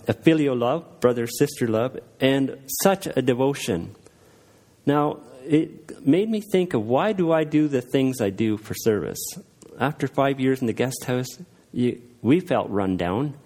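A man's voice: medium pitch, a little mellow. Earnest man giving a devotional talk. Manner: earnest, unpolished, with frequent pauses and fillers. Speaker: lay speaker sharing a devotional. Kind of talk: informal devotional talk reading scripture aloud.

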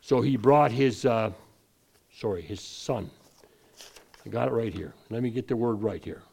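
A male preacher with a gravelly, fry-edged voice at a middle pitch. He delivers a sermon in a loose, wandering way, stumbling over restarts and then rising forcefully on each key point. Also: unhurried.

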